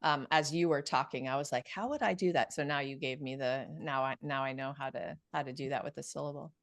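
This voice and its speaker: Low-voiced enthusiastic woman host. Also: brisk, no echo. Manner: enthusiastic, riffing, frequent fillers. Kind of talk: casual panel discussion.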